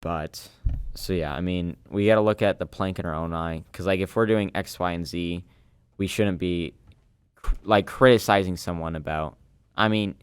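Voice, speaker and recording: Young male podcaster, low and resonant, earnest and rambling. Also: normal speed, clean tone, dry recording. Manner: earnest, rambling, restarts often. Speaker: podcast co-host. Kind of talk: casual chat.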